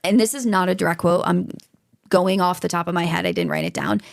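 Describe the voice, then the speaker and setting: A woman's voice: on the low side, huge pitch swings, brisk, creaky, dry recording, studio quality. A woman hosting a true-crime podcast, talking casually and getting worked up, swearing freely. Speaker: podcast host.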